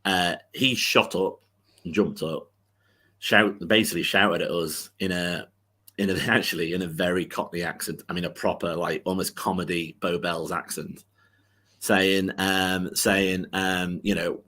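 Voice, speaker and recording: Low-voiced man telling a rambling story. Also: steady tone, measured pace, a bit bright. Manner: rambling anecdotal storytelling with many fillers and restarts. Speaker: football podcast co-host. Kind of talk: casual chat.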